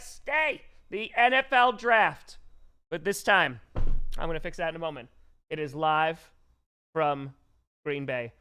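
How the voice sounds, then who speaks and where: A man's voice: high-pitched, slow, long pauses, clear, resonant tone. A man hosting a live stream in a rented studio, talking casually and energetically while reading viewer messages aloud. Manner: energetic, chatty, fussing over audio settings and reading viewer messages aloud. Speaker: livestream host.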